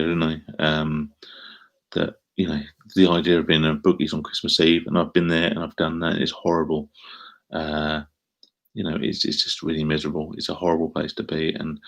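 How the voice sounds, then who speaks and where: A man's voice: very deep voice, creaky. A middle-aged man with an Essex accent, chatting casually on a live stream and answering viewer comments in a rambling way. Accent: Essex English. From England.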